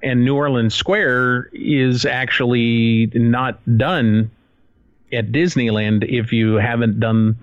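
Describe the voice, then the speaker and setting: A man in a casual podcast chat, telling stories in a slow, measured way. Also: mid-range voice, steady tone, no room sound. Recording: dry, slightly muffled audio.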